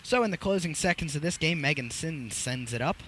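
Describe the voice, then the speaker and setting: A man's voice: fairly high pitch, fairly quick, slight background noise. Young man calling a field hockey game. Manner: energetic, rises sharply on goals. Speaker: play-by-play announcer. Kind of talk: live sports commentary.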